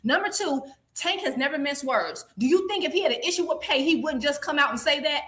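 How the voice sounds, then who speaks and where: A woman's voice: high-pitched, expressive, fairly quick, fairly bright tone. A woman co-hosting a stream, arguing insistently and repeating her points in a heated casual debate. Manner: combative, insistent, repeats accusations. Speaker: co-host of a boxing talk stream.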